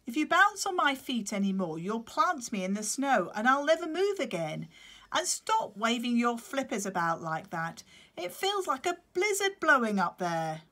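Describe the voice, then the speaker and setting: A woman's voice: a little high, big pitch swings, moderate pace, sharp tone, voice pushed up. A woman reading a story aloud, voicing a fussy, protective father penguin who scolds and explains. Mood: fussing.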